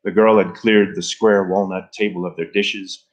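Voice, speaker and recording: A man reading a novel aloud in an expressive storytelling manner. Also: deep voice, moderate pace. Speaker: reader. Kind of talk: literary reading.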